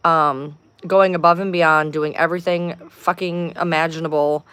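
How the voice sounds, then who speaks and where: A woman's voice: sits low, steady tone, moderate pace, a bit bright, clean tone, no room sound. Profane, rambling woman chatting on a livestream. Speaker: livestream host. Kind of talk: casual livestream chat. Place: at home.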